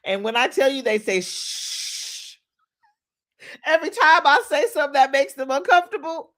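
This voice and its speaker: Speaking high and at a quick pace, a lively woman hosts a motivational talk as a manifestation coach. Her delivery is preachy yet playful and animated, full of laughter and emphatic hollering.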